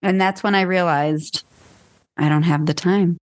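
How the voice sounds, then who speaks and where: A woman's voice: on the low side, steady tone, measured pace. A young woman co-hosting a podcast, a teacher chatting candidly and wryly. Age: young adult. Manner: wry, candid, laughing between lines. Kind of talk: casual chat.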